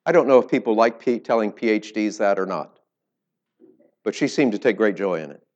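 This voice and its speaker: A man with a low voice delivers a sermon as a former pastor. He tells stories, dropping quiet and then rising loud for emphasis. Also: lively intonation, brisk, lo-fi sound. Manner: storytelling with swings in loudness.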